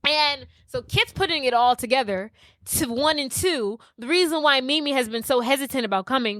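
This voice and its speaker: A woman's voice: fairly high pitch, moderate pace, no room sound, studio quality. A woman co-hosting a podcast, casually retelling a movie plot and acting out the characters' lines with lots of swearing. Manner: animated storyteller acting out every character's lines, swearing freely. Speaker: podcast co-host.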